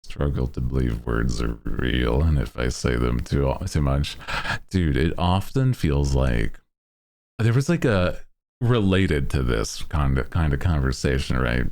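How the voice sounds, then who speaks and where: A man's voice: expressive, a little slow, gravelly, a little mellow. A young man streaming, chatting casually with viewers in a laid-back, rambling way, laughing often. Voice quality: very deep.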